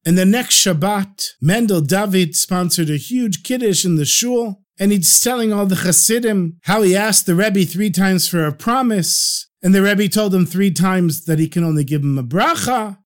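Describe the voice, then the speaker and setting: Brief: expressive male storyteller, fairly high voice. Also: moderate pace, hardly any pauses. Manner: expressive, shifts voice for characters. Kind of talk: storytelling narration.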